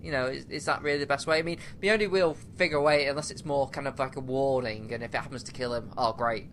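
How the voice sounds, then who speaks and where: A man rambles through his points in a casual podcast chat, starting and restarting with plenty of fillers. His voice sits at a middle pitch, with faint hiss behind it. He laughs often along the way. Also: fairly even intonation, quick pace, a bit bright. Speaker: podcast co-host. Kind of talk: casual film review chat.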